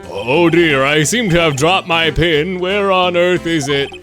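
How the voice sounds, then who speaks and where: A man's voice: a little high, unhurried, a bit bright. A man voicing a flustered, fussy old male judge. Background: game music.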